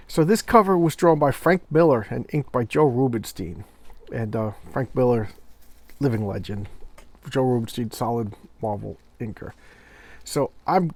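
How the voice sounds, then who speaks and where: A middle-aged man talks through an old comic book in a relaxed, meandering vlog style. He often stops to search for names and restarts his sentences. His voice sits at an ordinary pitch and is recorded dry. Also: no echo. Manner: rambling, forgetful, with many fillers and restarts. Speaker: comic book collector and reviewer. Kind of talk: casual commentary vlog.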